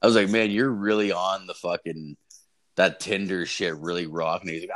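A man telling a story in casual chat, rambling and swearing, often saying "like" and "dude" and jumping into high yelps for quotes. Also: steady tone, moderate pace, fairly bright tone.

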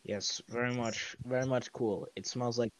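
A man voicing a pompous, deadpan cartoon meme rabbit speaking mock-formally on an improvised comedy podcast. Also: medium pitch, moderate pace, dry recording, natural voice, rough recording. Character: Big Chungus, pompous meme rabbit in a crusader helmet.

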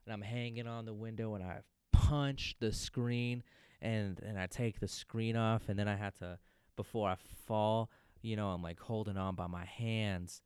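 A man's voice: fairly low pitch, steady tone, a little slow, darkish tone, smooth, dry recording, studio quality. A man casually telling a personal story, loose and profane, peppering his talk with "dude" and "man".

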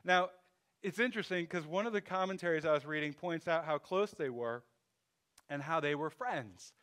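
A man's voice: a little high, normal speed, a bit bright. A man preaching a sermon in a loose, conversational way, thinking aloud with restarts and asides. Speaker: pastor.

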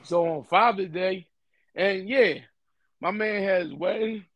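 Earnest man with a fairly high voice. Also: slow, no room sound, lo-fi sound. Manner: earnest, emphatic, repeats himself. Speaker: podcast host. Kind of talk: casual podcast talk.

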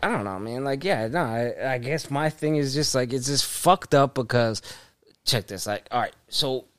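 A man's voice: medium pitch, moderate pace. A man co-hosting a podcast in casual chat, rambling with many restarts and fillers. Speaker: podcast co-host.

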